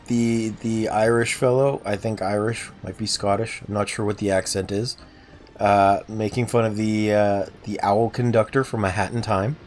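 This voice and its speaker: A man's voice: fairly low pitch, a little mellow, slight background noise. A man casually chatting on a game livestream, self-deprecating and answering viewers' chat. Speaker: game streamer.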